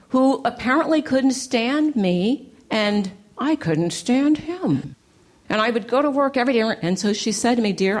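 A woman giving a lively talk to a church gathering, telling stories with playful, punchy repetition and plenty of animation. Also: a little high. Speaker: inspirational speaker. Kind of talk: storytelling talk to a live audience.

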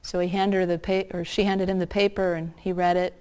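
A woman's voice: lowish voice, flat delivery, darkish tone, clear, resonant tone. Earnest woman preaching a story. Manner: earnest, slows down for emphasis. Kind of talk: sermon storytelling.

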